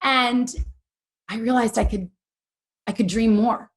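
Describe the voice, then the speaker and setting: A woman's voice: a little high, steady tone, slow. A woman in her forties, an interview guest telling a candid personal story in an earnest, emotional, chatty way with many fillers. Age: 40s.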